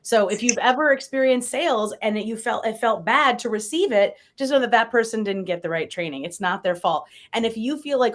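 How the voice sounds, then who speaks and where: A woman's voice: a little high, a little fast, few pauses. A woman sales coach speaking as an interview guest, upbeat and encouraging. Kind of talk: casual interview chat.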